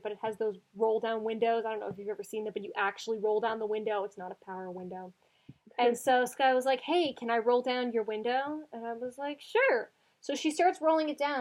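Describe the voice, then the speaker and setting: High-voiced young woman, chatty. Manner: chatty storyteller, rambling tangents. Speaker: co-host. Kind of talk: casual chat.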